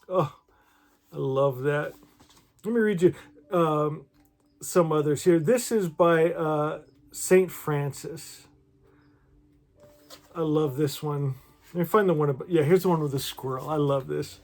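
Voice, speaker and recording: A man talking warmly to his viewers and reading devotional poems aloud in a gentle, emotional, effusive way. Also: a little high, measured pace, pauses often. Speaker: spiritual vlogger. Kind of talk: heartfelt talk and poetry reading to viewers.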